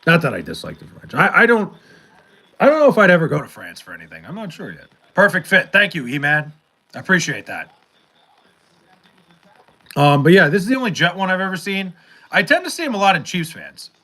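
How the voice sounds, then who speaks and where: A man's voice: sits high, very animated, a little fast, pauses often, bright, forceful tone. A young man hosting a casual livestream, reading chat and rambling with profanity, fillers and restarts.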